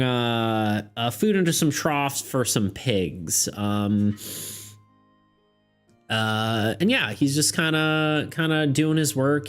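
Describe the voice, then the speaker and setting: A man's voice: mid-range voice, smooth. Easygoing man hosting a tabletop game. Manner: casual, hesitant narration with many fillers and laughs. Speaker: game master. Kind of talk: narrating a tabletop game on stream.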